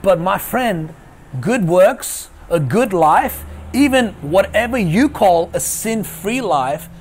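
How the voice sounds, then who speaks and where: A man's voice: high voice, animated, slow, slight background noise. Emphatic male pastor preaching online. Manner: emphatic, repeats key phrases. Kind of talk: online sermon. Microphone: video call.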